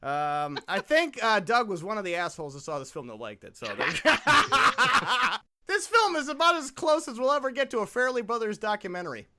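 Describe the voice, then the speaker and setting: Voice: mid-range voice, very animated, fairly quick, pushed and bright. A podcast host running a comedy movie-review show, laughing often and upbeat. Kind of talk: casual comedy podcast hosting.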